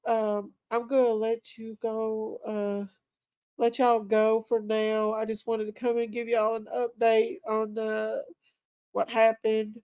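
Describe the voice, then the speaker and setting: A middle-aged woman, hosting a live stream. Her voice sits a bit high and sounds dry and close, and she speaks with emotion and affection, treating her viewers like friends. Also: monotone, takes it slowly, a little mellow, clear, resonant tone, no echo, lo-fi sound. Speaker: livestream host. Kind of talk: casual live stream chat.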